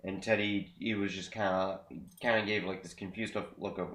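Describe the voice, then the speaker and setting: A young man with a low voice recaps things in a loose, halting way, full of ums and restarts. He sounds like he is talking in a small echoey room. It has the feel of an easygoing amateur podcast. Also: fairly even intonation, fairly bright tone. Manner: filler-heavy, halting recaps. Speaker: podcast co-host. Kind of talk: casual chat recapping wrestling.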